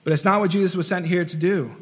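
A man's voice: high voice, fast talker, slightly rough, in a large hall. A man preaching a sermon in an earnest, repetitive way, acting out the voices he quotes. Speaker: pastor.

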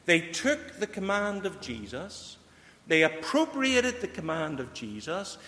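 Preacher in an echoing hall. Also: male voice, high-pitched, big pitch swings, measured pace, pushed and bright. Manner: earnest, questioning the listeners directly. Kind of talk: sermon. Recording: long hall reverb.

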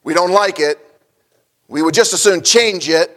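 Folksy pastor preaching a sermon. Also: male voice, high-pitched, normal speed, a bit bright. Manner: folksy storytelling with frequent fillers and chuckles.

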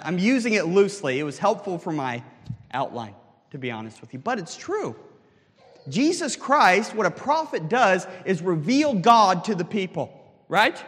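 A man's voice: high voice, a bit bright, in a large hall. A man, a pastor, preaching a sermon earnestly and asking the congregation rhetorical questions.

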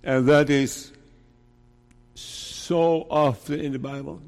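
A man preaching a sermon as pastor, deliberate and emphatic, asking his listeners rhetorical questions. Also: on the high side, fairly even intonation, gravelly, a little mellow. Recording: long reverb of a large hall.

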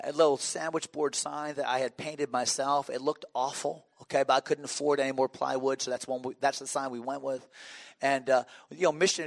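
A man's voice: fairly high pitch, vocal fry, dry recording. A middle-aged man preaching a sermon as a pastor, telling stories with humor and frequent restarts. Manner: conversational, humorous storytelling with restarts.

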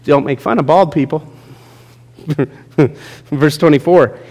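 A male pastor preaching a sermon with lively, joking asides to people in the congregation. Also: on the high side, takes it slowly, pauses often. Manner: lively, jokes with congregation members by name. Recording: long reverb in a large hall.

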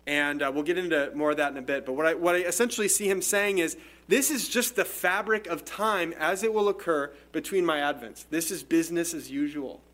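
A man's voice: fairly high pitch, brisk, few pauses, a bit bright. Man preaching a conversational sermon. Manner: conversational, explanatory, with frequent restarts. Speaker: pastor. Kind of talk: expository sermon.

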